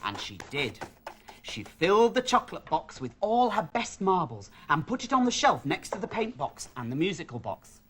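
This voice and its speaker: A woman voicing a patient, friendly puppet storyteller in a children's show, telling the tale with lively character voices. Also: on the low side, moderate pace, slight background noise.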